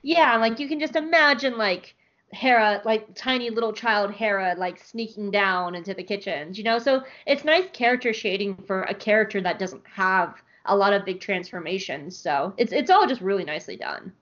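A woman's voice: medium pitch, normal speed, a bit bright, dull audio. A young woman hosting a podcast, chatting casually and giggly through an episode recap. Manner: chatty, giggly, lots of fillers. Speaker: podcast host.

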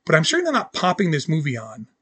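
A man co-hosting a podcast in casual chat, excitably acting out movie scenes in quoted voices. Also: a little high, fast talker, husky, no room sound. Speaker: podcast co-host.

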